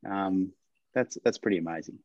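A man's voice: low voice, moderate pace, a little mellow, no room sound, muffled recording. A man, a distillery owner, chatting casually and rambling a little with fillers. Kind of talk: casual chat.

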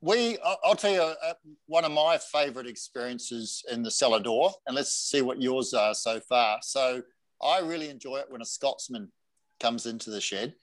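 A man's voice: medium pitch, normal speed, dry recording, poor audio. A man hosting a casual chat, telling stories and quoting people with energy. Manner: storytelling, animated quoting. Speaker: host.

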